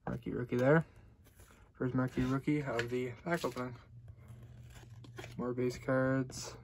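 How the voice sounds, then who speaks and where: A young man hosting a casual card-opening video, chatting loosely and getting excited at good pulls. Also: medium pitch, measured pace, slight background noise. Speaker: card-opening channel host.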